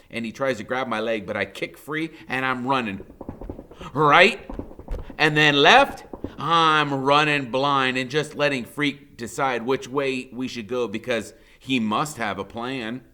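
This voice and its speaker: A man, a teacher, reading a novel aloud in dramatic first-person narration that drops to a hush for tense moments. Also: medium pitch, a little slow, hardly any pauses.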